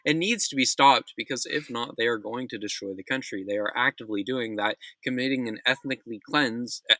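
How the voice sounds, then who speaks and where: A man's voice: medium pitch, pushed and bright, no echo, rough recording. A young man hosting a casual news commentary show, blunt, opinionated and profane, often restarting his sentences.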